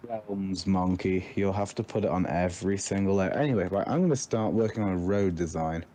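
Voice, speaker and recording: A man's voice: low voice, a little fast, mellow. A man chatting playfully with friends while building in a game. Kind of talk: casual gaming chat.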